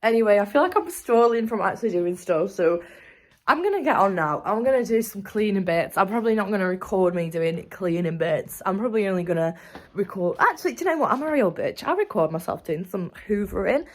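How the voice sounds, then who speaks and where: A young woman tells a story straight to camera. She is chatty and animated, swearing freely, with an everyday mid-range voice. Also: mid-range voice, a little fast. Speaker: vlogger. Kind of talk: casual storytelling vlog.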